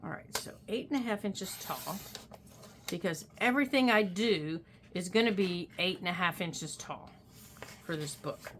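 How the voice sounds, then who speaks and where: An older woman with a lowish, fairly bright voice chats her way through a craft tutorial at a normal pace, folksy and talking to herself as she works. This craft vlogger has the hiccups, and there's a little hiss or hum in the audio.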